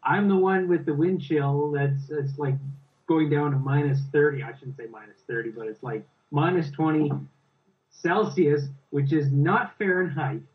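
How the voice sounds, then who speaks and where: A man's voice: fairly high pitch, normal speed. A man guesting on a podcast, eagerly talking about movies. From Canada. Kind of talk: casual podcast chat. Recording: distant dull lo-fi remote line.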